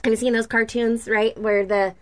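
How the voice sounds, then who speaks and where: A woman's voice: on the high side, little pitch movement. Earnest woman giving prophetic words. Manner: earnest, halting with fillers and repeats. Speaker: prophetic minister.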